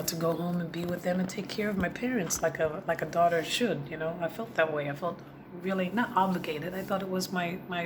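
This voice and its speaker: A woman vlogger telling a personal story in a heartfelt, confiding way, speaking directly to her viewers. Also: on the low side. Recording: noisy background.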